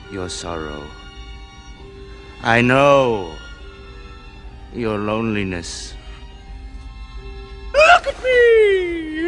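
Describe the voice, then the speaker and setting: A grandiose, vain fantasy villain. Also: male voice, a little high, exaggerated voice. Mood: brooding. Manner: grandiose, drawn-out, melodramatic. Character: flamboyant theatrical male villain warlord, vain. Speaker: film villain. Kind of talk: 1990s fantasy film acting. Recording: film soundtrack with music score.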